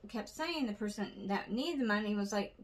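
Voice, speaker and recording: A woman's voice: mid-range voice, normal speed, recorded from a distance. A woman in casual podcast chat, telling stories expressively and acting out what people said. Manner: expressive storyteller, acts out voices.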